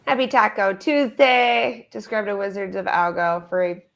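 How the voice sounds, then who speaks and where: Chatty woman host with a gravelly edge. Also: fairly high pitch, fairly even intonation, takes it slowly, sharp tone, highs cut off. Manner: chatty, laughs often, playful. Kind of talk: casual livestream chat.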